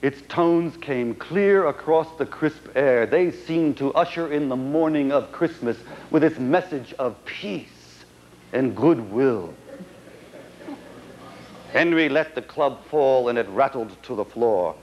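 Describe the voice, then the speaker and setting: A man telling a comic melodrama on stage in a theatrical, animated way, on a dull old recording. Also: medium pitch, slow. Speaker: stage performer. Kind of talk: comic dramatic storytelling on stage.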